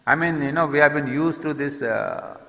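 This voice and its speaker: A man giving an explanatory lecture, reading verse lines slowly and then explaining them with hesitant restarts. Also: fairly high pitch, bright, forceful tone. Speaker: lecturer on poetry and yoga. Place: lecture hall. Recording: long reverb of a hall.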